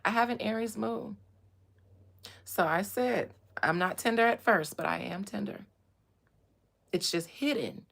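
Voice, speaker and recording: A woman hosting a casual chat about astrology and gossip, animated, swinging from low murmurs to loud bursts. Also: measured pace, gravelly, long pauses. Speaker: host.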